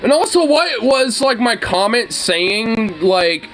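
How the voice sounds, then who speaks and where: A man's voice: extremely high pitch, sing-song, slow pace, few pauses, a bit bright, faint music behind. A young man giving casual reaction commentary, ranting with heavy profanity and frequent laughter.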